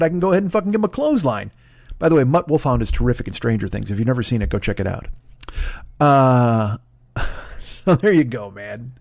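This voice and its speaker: Man, forties, podcast comic; profane animated rant, dry close sound. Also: on the high side, dry recording. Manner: profane, ranting, animated storytelling. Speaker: comedian podcast host. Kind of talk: casual comedic monologue.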